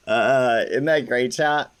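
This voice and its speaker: Excitable man chatting to his stream. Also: medium pitch. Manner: excitable, swaps swears for clean words; talks straight to his chat. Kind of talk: live-streamed gameplay chat.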